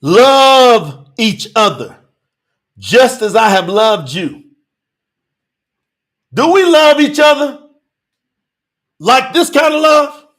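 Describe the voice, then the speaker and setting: High-voiced, lively, fervent male preacher. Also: takes it slowly, pauses often. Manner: emphatic, rousing, rhetorical questions; breaks into shouting. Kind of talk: sermon with scripture reading.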